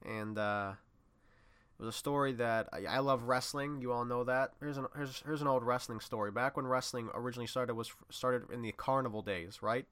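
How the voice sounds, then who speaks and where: A man hosting a casual monologue, rambling through a story and swinging from low muttering to loud excited bursts. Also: fairly quick, smooth.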